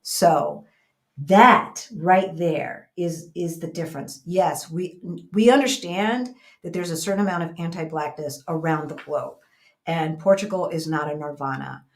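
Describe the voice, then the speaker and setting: A middle-aged woman from the United States talks through a casual co-hosted conversation. Her voice sits a little low for a woman. She tells stories in an animated, conversational way. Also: unhurried. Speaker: co-host. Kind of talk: casual chat.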